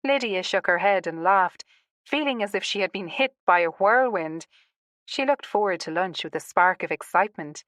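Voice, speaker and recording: A woman narrating a romance audiobook in a calm, even storytelling manner. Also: mid-range voice, moderate pace, no echo. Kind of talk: scripted narration.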